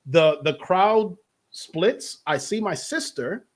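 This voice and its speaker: A young adult man and pastor telling his personal testimony in conversation, telling it in a lively way and acting out the voices of the people he quotes. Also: high voice, slow pace. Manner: animated storytelling, acts out quoted voices.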